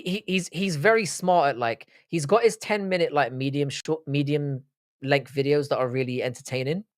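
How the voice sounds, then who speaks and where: A man's voice: on the high side, dry recording, studio quality. A man hosting a live stream, chatting casually, reading chat comments aloud and answering with swearing banter. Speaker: livestream host.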